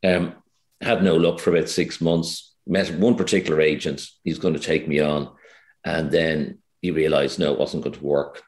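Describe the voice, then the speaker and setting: An Irish man with an extremely deep voice chats in an interview. He hedges and restarts often. The room around him rings with echo. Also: little pitch movement, normal speed, darkish tone. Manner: hesitant, many fillers and restarts. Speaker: guest actor. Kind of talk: casual interview chat.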